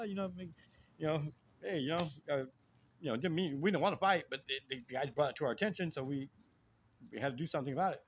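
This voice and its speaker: A man co-hosting a channel, telling a story in casual chat, excitable and full of restarts, shouting sound effects. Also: on the high side, fast talker, pauses often, a little hiss or hum. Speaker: co-host.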